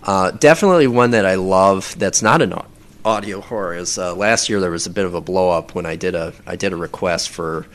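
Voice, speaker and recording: A man with a low voice speaks haltingly and rambles, full of fillers and restarts. He's an audio performer being interviewed casually about his work.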